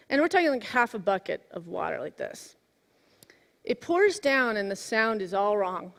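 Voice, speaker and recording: A woman in her forties giving a sermon, telling a personal story in a lively way that swings from hushed to exclaiming. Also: fairly high pitch, normal speed. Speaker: minister. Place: church sanctuary. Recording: long hall reverb.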